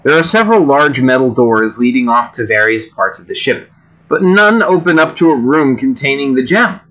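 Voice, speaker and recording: Reading out stories he generated, this homemade-game creator keeps it chatty, frequently stopping for fillers and tangents. The lo-fi, slightly dull recording captures an expressive, bright and forceful mid-range voice at a moderate pace.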